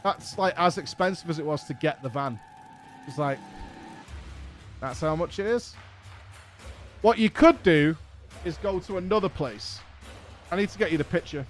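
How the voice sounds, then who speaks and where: A man with a high, bright-toned voice and an English accent tells a rambling story to his viewers. His delivery is exasperated and profane, and he acts out both sides of each conversation. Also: normal speed, pauses often, soft background music. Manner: exasperated, profane anecdote with acted-out dialogue. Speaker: streamer host. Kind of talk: casual storytelling.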